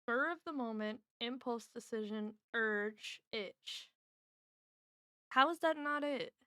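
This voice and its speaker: A woman's voice: on the high side, slow, fairly bright tone, clean tone, no room sound, studio quality. A woman chatting casually on a stream at home, thinking aloud as she tries guesses at word puzzles and teases the people around her. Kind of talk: casual chat while solving word puzzles.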